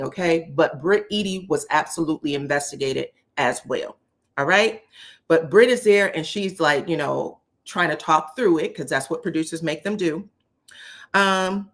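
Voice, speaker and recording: Woman host, gossipy recap voice, sassy and animated in her retelling. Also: medium pitch. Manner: chatty, sassy, quotes cast members with voices. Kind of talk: casual show recap.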